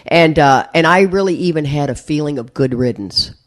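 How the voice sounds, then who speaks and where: A woman's voice: low voice, lively intonation, normal speed. A middle-aged woman, speaking at a recovery meeting and telling a candid story to a live audience with self-mocking humor. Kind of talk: personal testimony to a live audience.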